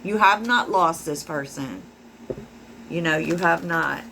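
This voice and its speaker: A woman with a fairly low voice gives a casual tarot reading to her viewers. She muses aloud as she talks, with lots of fillers. A faint hum of room ambience sits behind her. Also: slow pace, creaky. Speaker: tarot reader.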